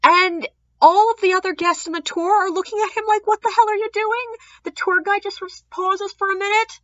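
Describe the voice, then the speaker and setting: A woman's voice: a little fast, dry recording. A woman who works as a ghost tour guide, telling a casual storytime tale and acting out the people in it with sudden jumps in her voice. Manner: animated, acts out quoted people with big pitch jumps. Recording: dull lo-fi dry sound.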